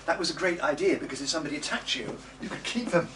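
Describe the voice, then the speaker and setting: Talking very fast and animatedly, a man with a voice on the high side teaches singing, urging students on and singing phrases for them. The recording, made in a classroom or studio, uses a distant mic with background noise.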